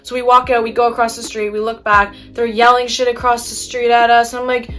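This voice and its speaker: A woman's voice: a little high, level tone, brisk, hardly any pauses, a bit bright, soft background music. A young woman chatting casually while doing her makeup, telling an exasperated story with casual swearing. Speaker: beauty vlogger.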